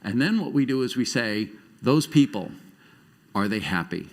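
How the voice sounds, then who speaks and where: A middle-aged man giving a conference talk on stage to a live audience, telling stories with quick shifts in loudness and pace. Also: medium pitch, lively intonation. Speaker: conference speaker.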